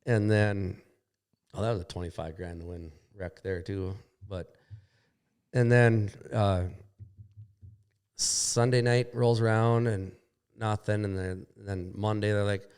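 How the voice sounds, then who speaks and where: Low-voiced Midwestern man telling a wry story. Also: flat delivery, unhurried, a little mellow, clear, resonant tone. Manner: plainspoken, mildly profane, wry. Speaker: podcast guest, snowmobile racer. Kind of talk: casual storytelling.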